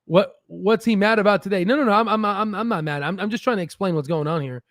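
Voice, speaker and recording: A man in his thirties hosting a casual stock market livestream, excitable and profane, mocking others in shrill put-on voices. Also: fast, dry recording, studio quality.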